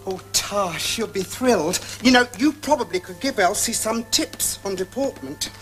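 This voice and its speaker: An actress playing a chatty, cheeky housemaid in a TV comedy scene, brisk in manner. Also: female voice, mid-range voice, expressive, faint music behind, natural voice.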